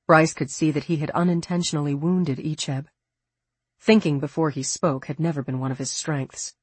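An audiobook narrator reading a science fiction story in a steady voice. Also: medium pitch, husky, dry recording. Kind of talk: scripted narration.

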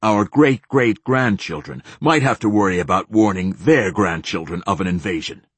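A cold, clipped military admiral, read by a man in a very low, husky voice. He answers in a flat, curt deadpan. The sound is close and dry. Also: normal speed, no echo. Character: cold, clipped middle-aged male fleet admiral.

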